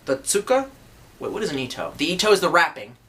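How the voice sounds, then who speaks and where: A man's voice: a little high, sing-song, fast talker, fairly bright tone. A young man rambling casually through a sword review from his room, swearing freely and joking at his own expense. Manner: profane, joking, self-deprecating, rambling. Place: room at home, indoors.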